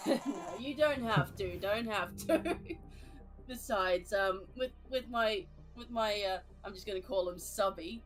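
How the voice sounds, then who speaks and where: A woman's voice: mid-range voice, takes it slowly, over music, poor audio. A woman streaming a game and chatting casually, hesitant, with many fillers, restarts and laughs. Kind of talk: casual chat while gaming.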